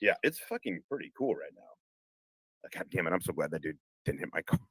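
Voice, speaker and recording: A man's voice: sits low, very animated, fairly quick, fairly bright tone, breathy edge, no room sound, low-quality recording. A man hosting a live conversation, talking casually with lots of swearing and restarts. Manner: swears a lot, rambling with restarts. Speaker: podcast host. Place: home room, car parked outside.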